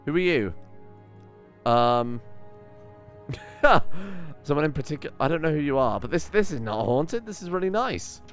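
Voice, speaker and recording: A man's voice: fairly high pitch, lively intonation, a little fast, faint music behind. A man giving casual, chatty commentary while playing a video game, thinking aloud and swearing freely. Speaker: let's play host.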